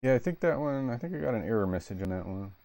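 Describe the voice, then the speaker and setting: A man's voice: mid-range voice, animated, quick pace, dark tone, no echo. A man hosting a live stream, chatting casually and rambling, often losing his train of thought. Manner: loose, rambling, trails off. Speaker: streamer host.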